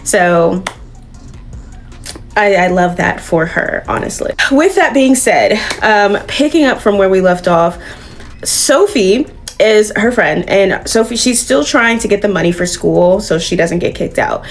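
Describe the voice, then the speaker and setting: A woman reviewing comics in a casual recap, animated and swearing freely. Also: medium pitch, measured pace.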